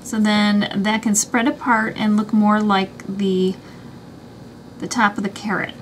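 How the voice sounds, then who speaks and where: A woman's voice: medium pitch, flat delivery, unhurried, a little hiss or hum. A woman hosting a craft tutorial, chatting through each step as she works with her hands. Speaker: craft channel host.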